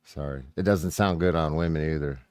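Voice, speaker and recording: A man's voice: rumbling low, fairly quick, darkish tone, dry recording, studio quality. A man streaming a profane, blunt reaction commentary, mocking what he hears and swearing freely. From United States.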